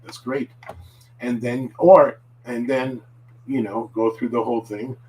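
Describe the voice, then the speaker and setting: A man's voice: mid-range voice, fairly even intonation, measured pace, darkish tone. A man giving a casual live-stream language lesson, chatty and full of fillers. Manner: rambling, filler-heavy, chatty. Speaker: Japanese language teacher. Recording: distant mic with faint hum.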